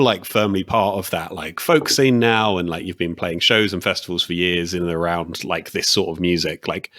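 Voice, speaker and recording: A man with a low voice hosting a podcast interview. He talks casually and fills his questions with lots of "like". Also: fairly bright tone. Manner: filler-heavy, says "like" a lot. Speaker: podcast host.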